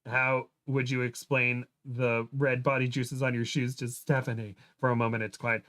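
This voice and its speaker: A man's voice: medium pitch, level tone, moderate pace, a bit bright. Man reading fan fiction aloud on a livestream, mid-range voice, casual amused read, guest reader. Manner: amused, breaks into laughter while reading.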